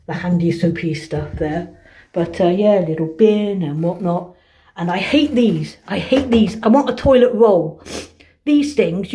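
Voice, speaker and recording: On the low side, mellow and husky, a woman's voice carries this casual hotel-room vlog shot on her phone camera. She talks to camera exasperated, swearing often through her rant and the room tour that follows.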